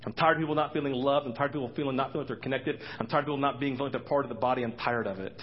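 A man preaching a sermon as pastor in a church, excitable, his voice leaping high when he acts out quotes. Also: rapid-fire, lo-fi sound. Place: church sanctuary.

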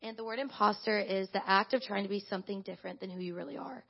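A woman's voice: medium pitch, fast, vocal fry, slightly rough, muffled recording. A young woman, a church intern, sharing a chatty testimony with her congregation, full of "like". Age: young adult. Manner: animated, chatty, lots of "like". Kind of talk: casual spoken testimony to a congregation.

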